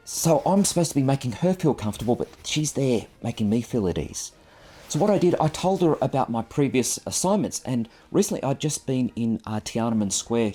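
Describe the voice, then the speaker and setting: A photographer in his fifties, speaking into a clip-on microphone, tells a personal story with a medium-pitched, warm male voice. He comes across as earnest, reflective, and self-deprecating.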